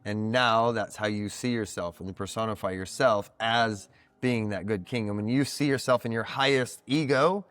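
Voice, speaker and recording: A man's voice: lowish voice, normal speed, fairly bright tone, no room sound. Reflective, teacherly man on a podcast. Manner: reflective, teacherly, full of "like" fillers. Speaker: podcast guest, card reader. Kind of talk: casual podcast conversation.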